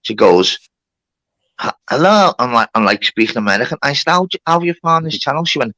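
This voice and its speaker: A man's voice: mid-range voice, animated, fast, sharp tone. A man telling a long story on a livestream, with lots of swearing and reported speech. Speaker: livestream host. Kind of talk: casual storytelling.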